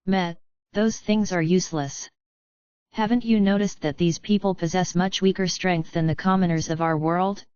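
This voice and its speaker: A man's voice: high-pitched, fairly even intonation, normal speed, darkish tone, clean tone, dry recording, muffled recording, natural voice. A woman reading the lines of an arrogant, scornful young male fighter in a storybook, with a blunt, cold tone.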